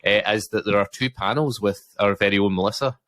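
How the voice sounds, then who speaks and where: A man's voice: on the low side, fast, fairly bright tone, no room sound. A Scottish man co-hosting a casual podcast chat, rambling and self-mocking with lots of fillers and restarts. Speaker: podcast co-host.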